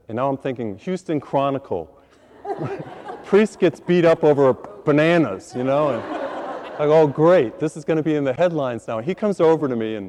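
A man, a priest, preaching a sermon as a lively, self-deprecating story, acting out his own reactions. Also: mid-range voice, slight background noise. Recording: long hall reverb.

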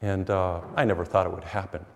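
A man who is a priest, giving a sermon and telling stories, acting out the dialogue with lively energy. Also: low-pitched, fairly quick. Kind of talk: sermon with storytelling. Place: church, taped for TV. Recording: long reverb of a church hall.

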